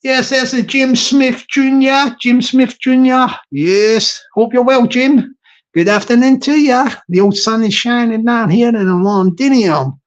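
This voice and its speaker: A man's voice: extremely high pitch, unhurried, highs cut off. A man with a London accent hosting a casual livestream, rambling and chuckling as he chats. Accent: London English. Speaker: livestream host.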